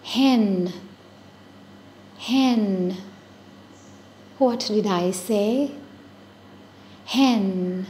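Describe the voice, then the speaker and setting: A woman teaching phonics to young children, repeating each word and stretching its sounds out slowly. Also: mid-range voice, dark tone, slight background noise. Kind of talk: slow, patient phonics lesson for young children.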